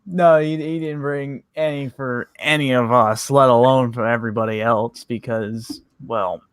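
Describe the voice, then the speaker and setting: A man's voice: mid-range voice, fairly even intonation, a little slow, a bit bright, clear, resonant tone, dry recording. Male co-host, mid voice, dry close sound, wry and level-headed. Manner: wry, correcting others. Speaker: podcast co-host. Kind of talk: casual group banter.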